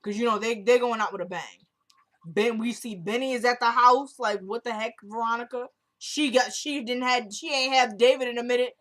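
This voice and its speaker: A woman's voice: on the high side, normal speed, a bit bright. A woman vlogger recapping a TV drama episode in a casual, chatty way, retelling each scene line by line with "she goes" and informal slang.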